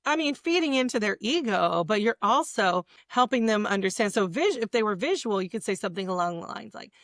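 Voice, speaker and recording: A woman's voice: medium pitch, lively intonation, brisk, fairly bright tone, no room sound, studio quality. A woman sex educator explaining things casually, with frequent "like" and "you know" fillers. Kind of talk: conversational advice-giving.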